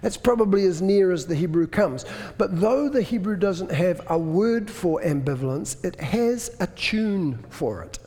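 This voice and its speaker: A man's voice: high voice, expressive, unhurried, dark tone. A man preaching a sermon, explaining things in a conversational way with dry self-deprecating humor. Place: church. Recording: echoey hall.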